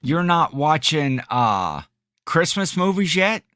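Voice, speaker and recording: A man's voice: fairly high pitch, very animated, takes it slowly, sharp tone, dry recording, clean studio sound. A middle-aged man co-hosting a podcast in casual chat, rambling, self-correcting and laughing often. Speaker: podcast co-host.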